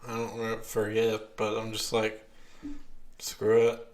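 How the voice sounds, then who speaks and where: A man's voice: lowish voice, monotone, takes it slowly. A man hosting a podcast at home, chatting casually with lots of ums and restarts. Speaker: podcast host. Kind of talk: casual chat.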